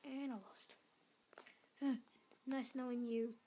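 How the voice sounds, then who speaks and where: A woman's voice: high voice, little pitch movement, takes it slowly, dark tone, a little hiss or hum. A woman hosting a casual mobile gameplay video, chatting and often dropping into muttered whispers as she cheers on and scolds her game units. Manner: chatty, drops into muttered whispers while playing. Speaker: gaming channel host.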